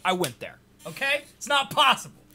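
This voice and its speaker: A man's voice: very high-pitched, big pitch swings, a little fast, sharp tone, soft background music. A young man co-hosting a podcast in casual chat, laughing often and teasing his friend. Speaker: podcast co-host.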